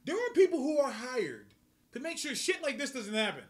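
Very high voiced guy going off on a rant, cussing, laughing a bunch. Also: wildly swooping pitch, brisk. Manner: profane, ranting, laughs a lot. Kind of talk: casual comic rant.

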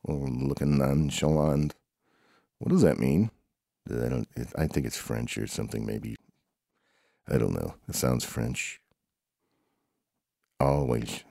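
A man's voice: rumbling low, gravelly, dark tone, no echo, clean studio sound. A man improvising a playful, rambling comic story with banter between characters. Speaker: home show storyteller.

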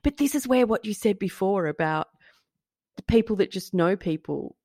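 A woman co-hosting a podcast, chatting about a true-crime story in an animated, joking way, often laughing and sometimes swearing. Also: medium pitch, normal speed, dry recording, clean studio sound. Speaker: podcast co-host. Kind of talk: casual true-crime chat.

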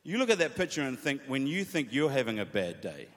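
A man preaching a sermon to worship leaders, reading scripture aloud with feeling and speaking with lively emphasis. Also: mid-range voice, fairly quick. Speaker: pastor. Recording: long reverb of a hall.

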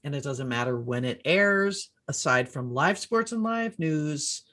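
A middle-aged woman hosting a casual panel chat, playful and quick to laugh. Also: low voice, lively intonation, a bit bright. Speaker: host.

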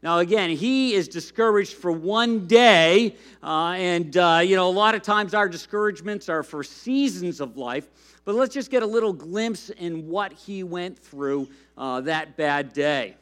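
High-voiced man preaching conversationally. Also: a little slow, fairly bright tone. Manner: conversational preaching with frequent fillers, reads a storybook aloud. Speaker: pastor. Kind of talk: sermon.

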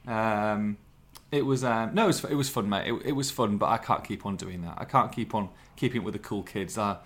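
A man's voice: lowish voice, a little fast, fairly bright tone. A man, hosting a podcast and telling rambling, self-deprecating stories in casual chat. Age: 40s. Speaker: podcast host.

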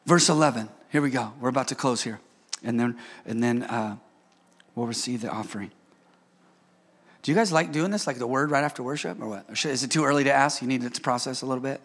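Gravelly, bright-voiced man preaching a sermon. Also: medium pitch, quick pace. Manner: call-and-response preaching, swings from shouting to quiet asides; playful, joking with the congregation.

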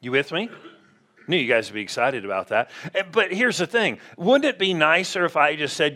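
A man's voice: on the high side, sing-song, moderate pace, pushed and bright. A man preaching a conversational sermon in a church, often asking the congregation questions. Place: church sanctuary.

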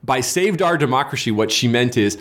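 A man's voice: medium pitch, expressive, a little fast, fairly bright tone. Emphatic man arguing his point. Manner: emphatic, argumentative, repeats words while building points. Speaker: interview guest. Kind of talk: casual political conversation.

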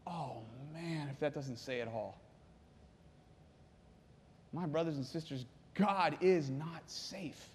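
High-voiced preacher in a reverberant hall. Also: male voice, slow, long pauses. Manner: dramatic, swings from hushed to intense. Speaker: pastor. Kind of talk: sermon.

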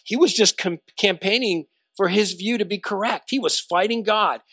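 High-voiced, bright preaching man. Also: normal speed, slightly rough, no echo. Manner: emphatic, building intensity. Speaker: pastor. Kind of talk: sermon.

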